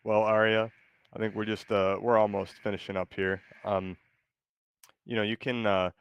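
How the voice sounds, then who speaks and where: Casual male streamer, smooth low voice, hesitant, dry close sound. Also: little pitch movement, normal speed, highs cut off. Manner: rambling, hesitant, many fillers. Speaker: streamer host.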